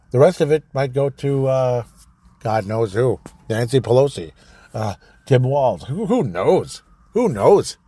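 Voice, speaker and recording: A man's voice: mid-range voice, mellow, no echo. A man hosting a solo podcast, casually reading news items and ranting with opinionated asides. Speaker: podcast host.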